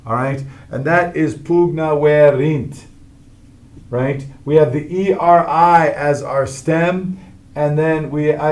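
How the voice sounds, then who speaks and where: A middle-aged man teaching a Latin grammar lesson, explaining each form step by step and often checking in with "all right?". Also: fairly high pitch.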